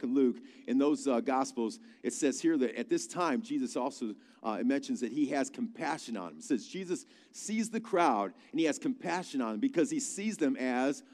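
Male pastor, chatty storytelling sermon, recorded in a big reverberant hall. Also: medium pitch. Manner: conversational, animated storytelling with asides. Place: large church hall.

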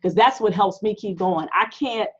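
A woman's voice: medium pitch, normal speed, slightly rough, dull audio. A woman hosting a podcast, enthusiastic and affirming, talking straight to her listeners in a casual chat. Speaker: podcast host.

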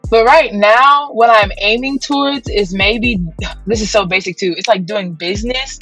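A woman's voice: mid-range voice, normal speed, fairly bright tone, soft background music, rough recording. A young woman athlete answering interview questions in a chatty, upbeat way, full of "like" fillers. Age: young adult. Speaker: guest athlete. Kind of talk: casual interview.

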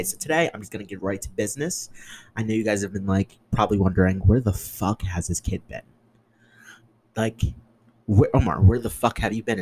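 A man's voice: a little mellow, slight background noise, poor audio. Chatty, profane young man hosting a podcast. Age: 20s. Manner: chatty, profane, sarcastic, with shrill mocking put-on voices. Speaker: podcast host. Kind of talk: casual solo podcast chat.

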